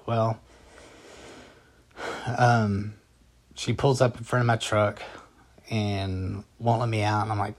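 Low-voiced man telling a story casually. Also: steady tone, slow pace, pauses often. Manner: rambling and conversational, with frequent fillers and restarts. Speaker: vlogger recounting a personal story.

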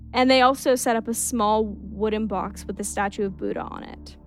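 A woman reading a creepy first-person story aloud at a steady pace, now and then breaking off for casual asides. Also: on the high side, a little slow, faint music behind. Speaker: horror story narrator.

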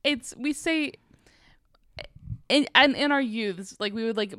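A woman's voice: fairly high pitch, slow pace, a bit bright, no echo, studio quality. A young woman co-hosting a podcast, rambling playfully about a movie. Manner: rambling, playful, full of fillers. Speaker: podcast co-host. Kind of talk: casual movie review chat.

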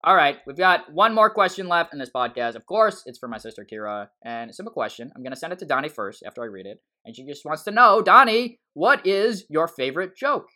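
A man co-hosting a casual podcast, with a bright voice that leaps up and down in pitch. He tells stories quickly and in a rambling way, slipping into excited quotes of himself. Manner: animated storytelling, quick and rambling. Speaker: podcast co-host.

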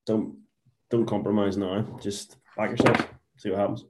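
A man's voice: on the low side, fairly even intonation, normal speed, very noisy. A man co-hosting a casual rugby podcast, giving easygoing predictions. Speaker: podcast co-host.

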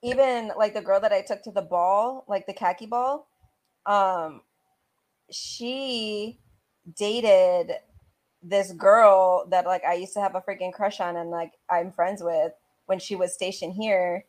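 A woman's voice: medium pitch, slow pace. A young adult woman co-hosting a casual chat, gossipy and full of "like" fillers. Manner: chatty, gossipy, filler-heavy. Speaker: co-host.

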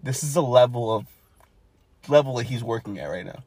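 A man's voice: medium pitch, lively intonation, fairly quick, darkish tone, no room sound. Man recapping matches on a podcast. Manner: play-by-play recapping with fillers. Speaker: podcast co-host. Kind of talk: casual wrestling podcast chat.

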